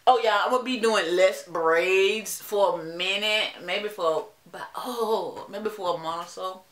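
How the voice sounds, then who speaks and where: A woman's voice: mid-range voice, unhurried, reverberant. Chatty Southern woman vlogging. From Alabama. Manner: chatty, dramatic, talks straight to her viewers. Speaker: hair vlogger. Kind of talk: casual vlog chat.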